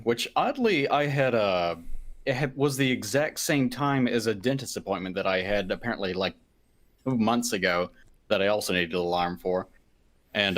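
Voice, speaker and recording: A man's voice: lowish voice, a bit bright. A young man co-hosting a casual podcast, with a dry, sardonic way of talking. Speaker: podcast co-host. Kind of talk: casual banter.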